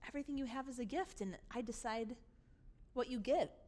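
Woman pastor, high voice, emphatic sermon delivery in a church. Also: a little fast, darkish tone. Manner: emphatic, voicing the father's lines with rising force. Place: church sanctuary.

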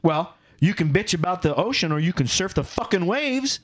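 Speaking at a normal speed in a voice that sits high, this middle-aged man co-hosts a casual podcast. He's an animated storyteller, emphatic and prone to ranting.

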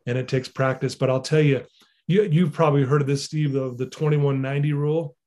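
Earnest higher-voiced male coach. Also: steady tone, brisk, dark tone. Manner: earnest, repeats phrases for emphasis. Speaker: mental fitness coach. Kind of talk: podcast guest conversation.

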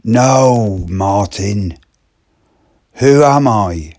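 A man voicing a strange young man who speaks slowly and keeps repeating himself. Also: fairly low pitch, animated, a little mellow, pitched above the performer's own voice. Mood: insistent. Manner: slow, drawn-out, insistent. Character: odd young man, slow and insistent.

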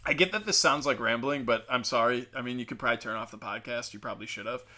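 Man, podcast host, bright tense voice, rambling casual storytelling, swears a lot. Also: mid-range voice, quick pace. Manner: rambling, profane, joking storyteller. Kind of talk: casual rambling show recap.

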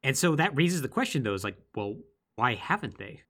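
A man co-hosting a podcast recaps a game's plot in casual conversation. His pitch swings widely as he tells the story, full of quick asides and bursts of energy. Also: sing-song, fairly bright tone, slightly rough. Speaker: podcast co-host. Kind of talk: casual chat recapping a video game.

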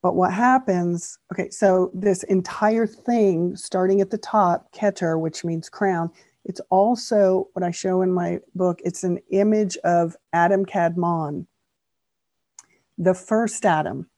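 A woman's voice: lowish voice, takes it slowly, dry recording. A woman author on a podcast as a guest, earnestly explaining old teachings term by term. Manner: earnest, steady explainer who spells out terms.

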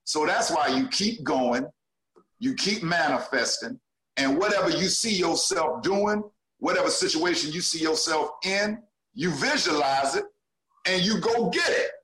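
A male comedian talking casually in a relaxed, encouraging way. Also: on the high side, unhurried. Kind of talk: casual conversation. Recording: echoey room.

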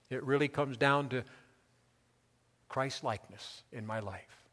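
A man preaching a sermon as pastor, emphatic, building his repeated lists up to loud peaks. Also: mid-range voice, measured pace, pauses often, long reverb tail.

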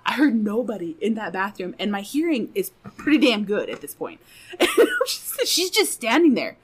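A woman's voice: mid-range voice, big pitch swings, moderate pace, breathy edge. A woman guest on a podcast telling a funny personal story in casual, profane chat, laughing often.

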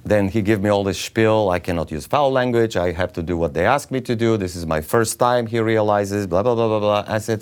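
Picture a lower-voiced man with an Eastern European accent, a working actor telling a story with gusto. He laughs often and jumps into other people's voices as he goes. A faint hiss of noise sits behind him. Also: animated, brisk, hardly any pauses. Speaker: actor guest. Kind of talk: animated storytelling.

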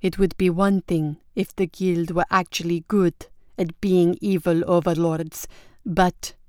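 Brief: young noblewoman, sweetly mocking, slow and deliberate, low smooth tone , voiced by a female narrator. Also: flat delivery, darkish tone, no room sound, studio quality, natural voice. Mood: pointed. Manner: slow, sweetly innocent, mock-polite. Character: young Spanish countess, sly and mocking.

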